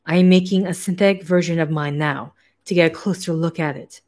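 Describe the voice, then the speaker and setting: A woman voicing a small, frail male scientist in a put-on German accent; he is devout and earnest and speaks in a formal, halting, pleading way. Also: fairly high pitch, steady tone, darkish tone, natural voice.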